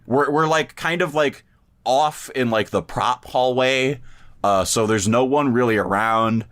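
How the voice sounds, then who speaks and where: He's a podcast co-host with a medium-pitched, fairly bright voice and a measured pace. In easygoing chat he drifts through a long story, cursing freely and beginning sentences again and again.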